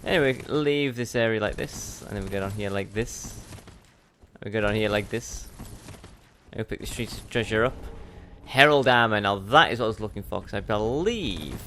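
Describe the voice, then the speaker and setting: A man's voice: fairly low pitch, moderate pace, bright, forceful tone, a little hiss or hum. A man hosting a let's play, giving chatty, self-mocking commentary as he plays and talking back to the game. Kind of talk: gameplay commentary.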